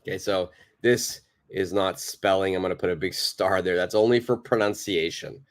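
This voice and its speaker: Patient, low-voiced male English teacher. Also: fairly even intonation, normal speed. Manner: patient, repeats and praises viewers' answers. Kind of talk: live online English lesson.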